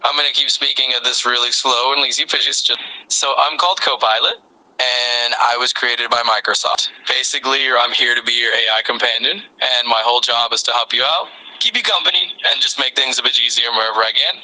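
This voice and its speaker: A man's voice: mid-range voice, fairly quick, pushed and bright, poor audio. A male AI voice assistant acting as a friendly conversation partner, upbeat and reassuring.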